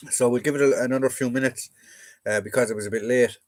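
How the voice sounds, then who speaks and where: Here a young Irish man runs an informal militaria livestream, reading out viewer questions and joking around in a rambling, talkative way. His pitch is medium, his tone steady, and his delivery quick.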